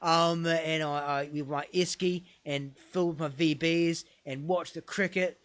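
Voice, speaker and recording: A man putting on an excitable boastful immigrant guy. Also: unhurried, no room sound. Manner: excited, emphatic, high-pitched. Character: eager boastful immigrant man, loud and keen.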